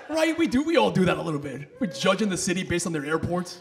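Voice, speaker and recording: A man doing a loud, animated stand-up set in the back room of a bowling alley, working the crowd. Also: high-pitched, fast talker, gravelly, few pauses. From New York. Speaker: stand-up comedian.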